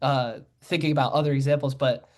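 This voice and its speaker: A man's voice: medium pitch, fairly even intonation, fairly quick, a little mellow. A young man co-hosting a podcast, chatting loosely about films, rambling with many fillers and self-corrections. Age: young adult. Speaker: podcast co-host. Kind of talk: casual film chat.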